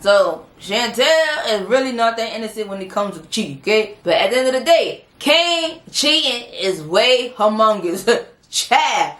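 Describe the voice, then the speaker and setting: Give me an animated, sassy woman recapping a drama episode, bright tone, roomy echo. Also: a little high, measured pace. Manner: animated, sassy, says honey and child. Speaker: TV show reviewer. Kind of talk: casual episode recap commentary. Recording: roomy echoey room.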